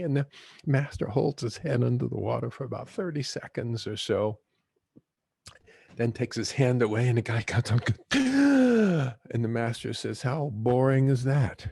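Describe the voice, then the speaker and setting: A man hosting a guided-imagery talk, a gentle, unhurried storyteller who chuckles as he teaches. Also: mid-range voice, vocal fry, husky, dry recording. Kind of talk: reflective talk with teaching stories.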